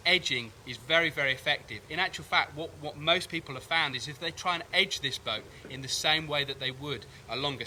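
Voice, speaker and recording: A man reviews equipment in a measured, upbeat way. His tone is strikingly bright and sharp, and he leans on doubled words for emphasis. A faint noise sits underneath. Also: mid-range voice. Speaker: kayak reviewer. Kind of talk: product review to camera.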